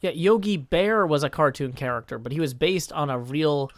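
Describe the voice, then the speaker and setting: A man's voice: on the high side, normal speed, dry recording, clean studio sound. A man live-streaming a video game, chatty and self-mocking as he reads chat aloud.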